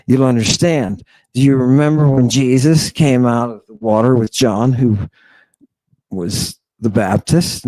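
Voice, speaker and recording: Speaking in a medium-pitched voice with a dark tone, a host gives a theatrical, irreverent lecture on ancient texts. He mocks his audience and talks straight to them, and the recording has no echo.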